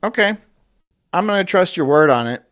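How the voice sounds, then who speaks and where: A man's voice: high voice, lively intonation, normal speed, a bit bright, no echo. Male streamer, crude and sarcastic, reads chat aloud, voice swings a lot. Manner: crude, sarcastic, laughing often. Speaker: streamer host. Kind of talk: live stream chat, reading viewer comments.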